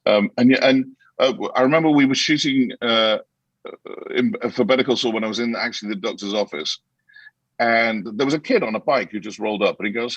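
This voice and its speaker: A man, an actor guest in a casual interview, telling animated anecdotes with many restarts and acting out quotes. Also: mid-range voice, fairly quick, no echo, muffled recording.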